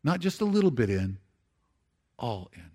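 A man giving a conversational sermon in church, slowing for scripture and dropping soft for emphasis, with frequent restarts. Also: mid-range voice, big pitch swings. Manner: repeats words and restarts phrases. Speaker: pastor.

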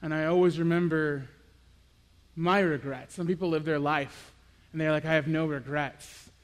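A young man with a high, light voice preaches a personal, confessional sermon, shifting from hushed reflection to animated storytelling. His voice carries a long reverb, as if in a large hall. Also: normal speed. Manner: earnest, confessional, swings from quiet to animated.

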